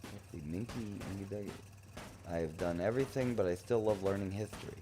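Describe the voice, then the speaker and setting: A man's voice: low voice, fairly quick, noisy background. A man casually commentating his own gameplay on a live stream, playfully teasing his chat. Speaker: gaming streamer.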